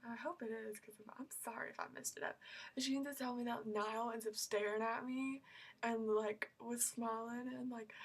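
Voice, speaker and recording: A woman's voice: a little high, a bit bright. A teenage girl telling a story in a vlog, gushing and rambling with many fillers and squealing when she quotes herself. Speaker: vlogger.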